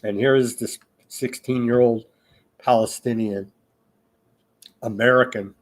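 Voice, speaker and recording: Male online news host, slow and measured, reads reports with halting asides and bursts into loud emphatic appeals. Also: medium pitch, fairly even intonation. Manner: grows loud and emphatic when addressing listeners. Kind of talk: reading and commenting on news reports.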